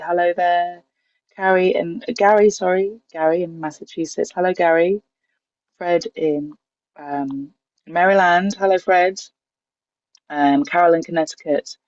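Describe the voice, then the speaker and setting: A woman's voice: on the low side, a little mellow, dry recording. Lady running a zoom singing session, chatty roll call, dull dry call audio. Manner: chatty, greets people by name and place. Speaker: host of an online singing session. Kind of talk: warm-up and roll-call hosting. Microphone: video call.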